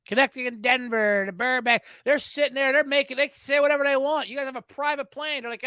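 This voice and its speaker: A man's voice: very high voice, steady tone, fast, hardly any pauses, pushed and bright, clean tone, no room sound, clean studio sound. A man in his thirties hosting a sports betting podcast, ranting sarcastically and mocking people with put-on voices.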